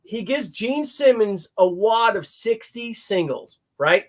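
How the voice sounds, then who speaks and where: A man's voice: sits high, slow pace. A man telling a rambling, profane anecdote in casual chat, acting out the other people in it with changed voices. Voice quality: animated, acts out quotes in other voices. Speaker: podcast guest telling an anecdote. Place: hotel stories; recorded on a video call show.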